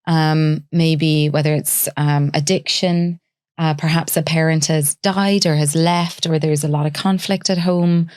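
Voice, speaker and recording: Low-voiced woman psychologist explaining. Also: steady tone, clean tone, no echo. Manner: lifts her voice into a soft, sing-song tone when acting out talking to a child; measured, explains carefully with examples. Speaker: psychologist guest. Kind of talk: explanatory interview talk.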